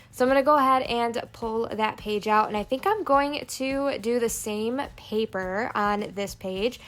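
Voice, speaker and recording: A woman narrating a plan-with-me planner video, calmly explaining each crafting step. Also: fairly high pitch. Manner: calm step-by-step crafting walkthrough. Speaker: planner vlogger. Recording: soft background music.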